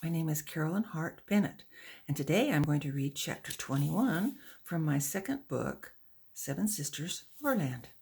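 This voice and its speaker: A woman author reading a chapter of her own novel aloud in a gentle, measured storytelling manner. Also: low voice, lively intonation, vocal fry, slightly rough.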